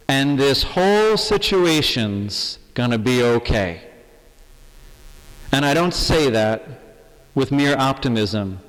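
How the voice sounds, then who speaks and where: An earnest male priest preaches at an unhurried, deliberate pace, his mid-pitched voice carrying through a large empty church. Long reverb trails behind each phrase, and the delivery stays measured and sincere. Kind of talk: sermon.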